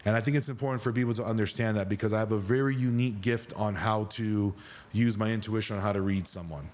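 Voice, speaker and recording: A man's voice: fairly low pitch, steady tone, fast talker, darkish tone. A man hosting a podcast who talks in an earnest, enthusiastic way during casual conversation.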